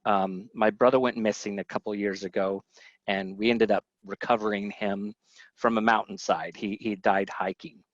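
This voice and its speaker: A man's voice: on the low side, level tone, moderate pace, dry recording, highs cut off. A man giving a casual, conversational webinar talk, asking his audience questions, with fillers and restarts. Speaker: webinar presenter.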